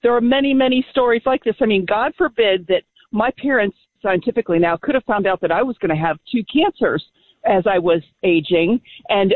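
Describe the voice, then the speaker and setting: A woman phones in to a talk radio show over a thin, tinny line. She speaks firmly and with conviction, at an ordinary pitch. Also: a little fast, no echo. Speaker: caller. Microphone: telephone.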